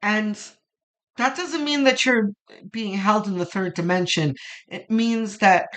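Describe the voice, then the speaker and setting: A woman's voice: medium pitch, slow, fairly bright tone. A middle-aged woman giving a casual, meandering tarot reading, chatty and full of fillers. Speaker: tarot reader.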